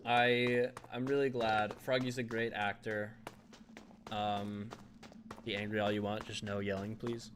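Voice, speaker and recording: A man's voice: on the low side, little pitch movement, measured pace, noisy background. A young man, chatting casually with his viewers while playing a game on a live stream, laughing often and answering chat.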